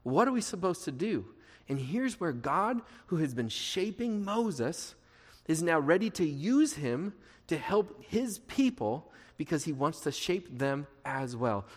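Man preaching in a reverberant hall. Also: fairly high pitch. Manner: conversational, animated preaching with rhetorical questions. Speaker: pastor. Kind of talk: sermon. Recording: long reverb of a large hall.

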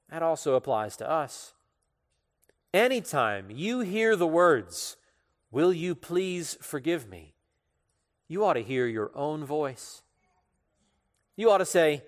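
A pastor preaching an expository sermon, emphatic, with sudden rises and falls in loudness. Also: male voice, on the high side, big-room sound.

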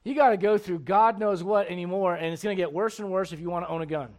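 Emphatic high-voiced male pastor preaching. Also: fast. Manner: emphatic, swings between loud bursts and low asides. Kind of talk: sermon. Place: church.

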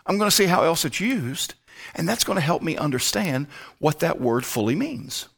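Lively-pitched preacher teaching scripture. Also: male voice, moderate pace, creaky, breathy edge. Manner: conversational, explains his word study step by step. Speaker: pastor. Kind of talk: Bible teaching sermon.

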